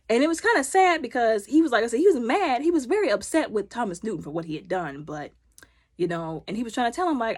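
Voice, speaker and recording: A young woman recapping a TV episode in a casual vlog, retelling scenes with lots of "he was like" and quick voice shifts for each character. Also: mid-range voice, big pitch swings. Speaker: show recapper.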